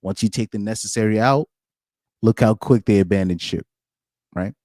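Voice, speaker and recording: A man's voice: fairly low pitch, normal speed, darkish tone, no echo, clean studio sound. A man hosting his channel, giving casual live reaction commentary in an opinionated way and repeating phrases for emphasis. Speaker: channel host.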